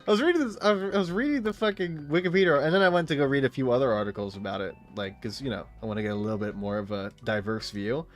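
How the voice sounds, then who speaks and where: Animated, rambling man in his late twenties. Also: mid-range voice, quick pace, few pauses, soft background music. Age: late 20s. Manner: rambling, profane, animated storytelling. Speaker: streamer. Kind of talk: casual gaming chat.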